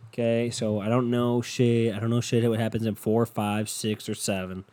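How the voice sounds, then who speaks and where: A man hosting a solo podcast, rambling in a profane, deadpan way and sounding tired. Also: medium pitch, moderate pace. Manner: profane, meandering and deadpan, with frequent swearing. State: tired and yawning. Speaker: podcast host.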